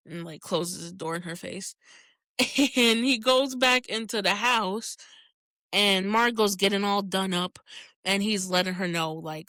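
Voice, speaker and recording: A woman's voice: medium pitch, a little slow, dry recording, studio quality. A woman hosting a podcast, chatting casually as she recaps a TV episode in a candid, profane way and laughing often. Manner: candid and profane, frequent laughter, animated reactions. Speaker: podcast host.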